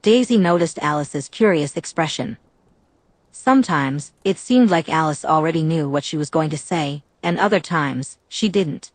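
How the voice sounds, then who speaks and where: Woman audiobook narrator, low voice, dry close recording, steady delivery. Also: moderate pace, no echo. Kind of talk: scripted narration.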